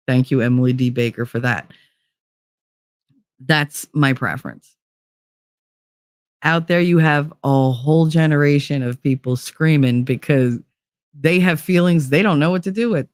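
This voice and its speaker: A woman's voice: sits low, dry recording, studio quality. A woman in her fifties hosting a live-stream, ranting bluntly and emphatically with frequent profanity while reading out viewer comments.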